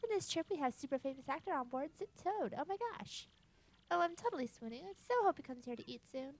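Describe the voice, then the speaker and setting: A woman's voice: high-pitched, animated, fast talker, voice pushed up. A woman voicing a bubbly, starstruck young waitress on a train. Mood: gushing. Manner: bubbly, gushing.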